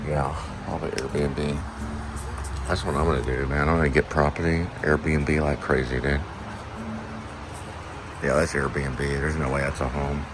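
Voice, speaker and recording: A man's voice: a bass voice, flat delivery, measured pace, long pauses, over music. A man filmmaker talking in a loose, chatty monologue, musing with fillers as he goes. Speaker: filmmaker vlogger. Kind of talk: casual rambling monologue.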